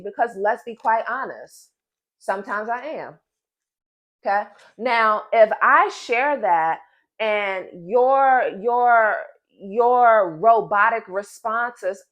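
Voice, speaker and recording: A woman's voice: mid-range voice, slow, muffled recording. Emphatic pregnant woman venting to camera. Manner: emphatic and animated, addresses viewers as "y'all" and "girl". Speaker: vlogger.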